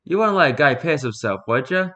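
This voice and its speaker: A man's voice: a little high, lively intonation, a little fast, a bit bright, pitched above the performer's own voice. A man voicing a nervous, cowardly male captive who talks in a whiny, pleading way.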